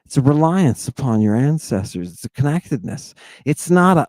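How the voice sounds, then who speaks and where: A middle-aged man giving a provocative lecture, confrontational and insulting, swinging between loud jabs and low mutters. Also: sing-song, normal speed, few pauses, dry recording.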